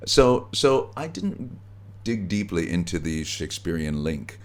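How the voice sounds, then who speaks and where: Very deep-voiced man. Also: unhurried. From United States. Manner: relaxed storytelling with easy laughs. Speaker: actor guest. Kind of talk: conversational interview. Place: backstage at a theatre.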